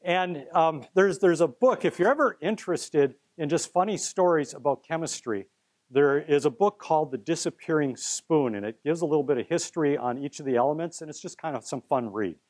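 Middle-aged male chemistry professor with a high voice, playful and theatrical, lecturing a live class. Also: animated, a little fast, darkish tone. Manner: playful, theatrical, coaxing students up as volunteers.

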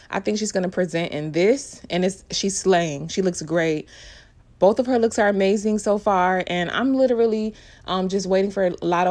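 A woman's voice: mid-range voice, a little mellow. A woman giving casual, opinionated live reaction commentary on an awards show, chatty and full of slang.

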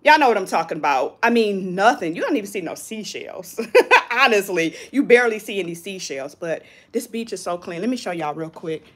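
A woman's voice: medium pitch, lively intonation, a little fast. A woman chatting casually on a live stream from a hotel balcony, greeting viewers and reading their comments. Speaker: vlogger hosting a live stream.

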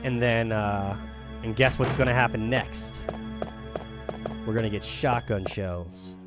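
A man's voice: on the low side, fairly even intonation, takes it slowly. A man from the Philadelphia area streaming a game, chatting casually, joking, swearing a lot, and rambling. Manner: profane, joking, rambling, humming to himself. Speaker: gaming streamer. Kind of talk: casual live-stream chat over gameplay. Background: game music.

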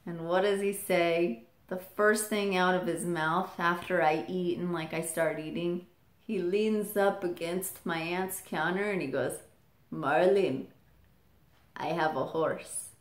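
A young woman vlogger telling a family story in a casual, animated way, acting out the people she quotes. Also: lowish voice, a little slow. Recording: echoey room.

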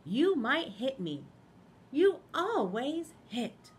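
A woman's voice: high-pitched, big pitch swings, very slow, slight background noise, voice pushed up, heavily acted. A woman voicing a little girl lamb in a picture book read-aloud, cautious and drawn out. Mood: wary.

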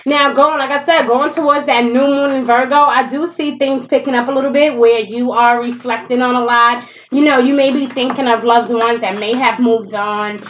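A woman's voice: fairly high pitch, fairly even intonation, normal speed, few pauses, fairly bright tone, dull audio. A woman giving a casual tarot reading, chatty and blunt, swearing freely and laughing often, with a stuffy nose from allergies. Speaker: tarot reader.

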